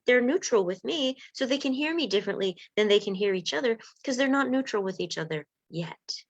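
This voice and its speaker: A woman working as a relationship coach gives a live-streamed coaching talk to viewers in a lively, conversational way. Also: medium pitch. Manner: lively, conversational, acts out example dialogues. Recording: dull lo-fi recording.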